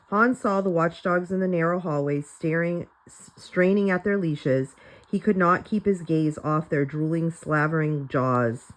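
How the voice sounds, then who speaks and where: Woman reader, slightly low voice, plain storytelling for a class. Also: measured pace, rough recording. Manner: plain storytelling with light character voices and small slips. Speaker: reader of a children's novel. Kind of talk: reading a chapter book aloud for students.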